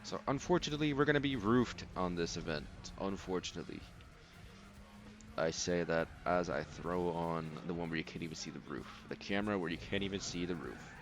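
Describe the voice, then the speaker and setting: Low-voiced young man chatting over gameplay. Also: a little fast, hardly any pauses, background noise. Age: young adult. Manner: rambling, relaxed, many fillers. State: sleepy, yawning. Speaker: let's play host. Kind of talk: casual gameplay commentary.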